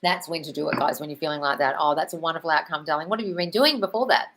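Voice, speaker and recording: A woman's voice: sits low, very fast, a bit bright, rough recording. Effusive woman coaching viewers live. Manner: effusive, calls viewers darling, swears, squeals wonderful. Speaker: manifestation coach host. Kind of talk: live stream Q&A, reading chat comments.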